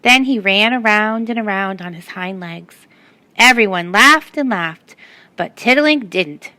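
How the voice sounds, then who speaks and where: A woman's voice: mid-range voice, expressive, a little slow, pushed and bright, dry recording. Woman reading a children's story. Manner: asks the listeners questions. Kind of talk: reading a picture book aloud to children.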